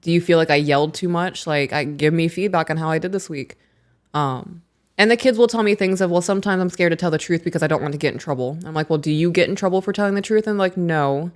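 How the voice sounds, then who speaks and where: A woman in her thirties co-hosting a podcast, chatting casually, reading aloud from a book and acting out what people said in animated stories. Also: on the low side, quick pace. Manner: animated storyteller who acts out quotes. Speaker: podcast co-host.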